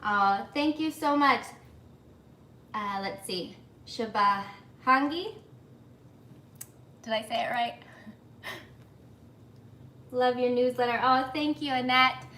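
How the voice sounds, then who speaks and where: A woman in her thirties with a fairly high, sharp voice speaks slowly with long pauses during a live baking stream from her home kitchen, with slight background noise. Sweating and flustered in the humidity, she greets viewers, apologizes, and reads comments aloud in a chatty way.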